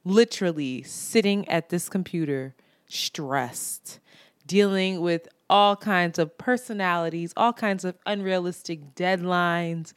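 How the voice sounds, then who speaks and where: A woman's voice: on the low side, slow pace, clean tone, no echo, studio quality. A young woman co-hosting a casual podcast chat, telling stories with lots of swearing and acted-out quotes. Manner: animated storyteller, swears freely, acts out quoted people. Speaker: podcast co-host.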